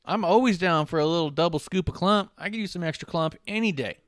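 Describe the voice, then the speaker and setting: A man's voice: on the high side, fast, no room sound. Playful, teasing male podcast host. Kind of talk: casual comedic podcast banter.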